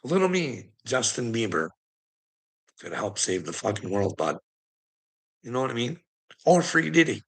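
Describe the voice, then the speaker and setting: A man's voice: mid-range voice, big pitch swings, normal speed, bright, forceful tone, rough recording. A man talking in a rambling, sardonic monologue, laughing often and swearing as he goes. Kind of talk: casual conspiracy commentary monologue.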